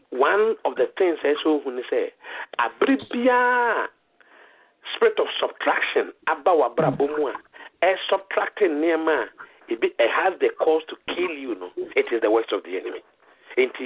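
A Ghanaian man preaching a sermon on a community call, exhorting his listeners and repeating phrases with halting restarts. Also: medium pitch, animated, slightly rough. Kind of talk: sermon mixing Twi and English. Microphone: phone call. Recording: tinny phone line with faint noise.

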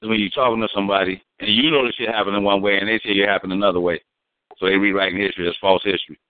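A man's voice: fairly low pitch, fairly even intonation, racing. A man in casual, profane, rambling talk, explaining slang terms and acting out quotes. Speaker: guest. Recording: dry, phone-like sound.

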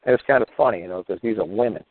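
Host, male, deep voice, combative rhetorical talk radio rant, dry phone-line sound. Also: rapid-fire, no echo. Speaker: show host. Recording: tinny phone-like radio audio.

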